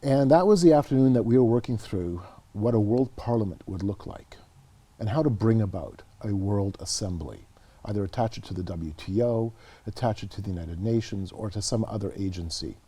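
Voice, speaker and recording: A man's voice: lowish voice, fairly quick, husky. A middle-aged Canadian man, a guest and author, telling stories earnestly in an interview, often repeating words as he goes. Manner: earnest, animated storyteller who repeats words. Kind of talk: conversational interview storytelling.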